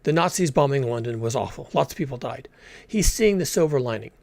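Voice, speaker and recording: A man's voice: medium pitch, lively intonation, a little fast, vocal fry, darkish tone, no room sound. A man commentating on a recorded talk in a blunt, emphatic way, swearing freely. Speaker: reaction video commentator.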